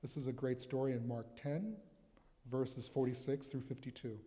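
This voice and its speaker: Mellow-voiced pastor preaching in a church. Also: male voice, mid-range voice, fairly even intonation, normal speed, in a large hall. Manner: conversational, reflective, reads scripture aloud. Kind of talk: sermon at a live church service. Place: church sanctuary.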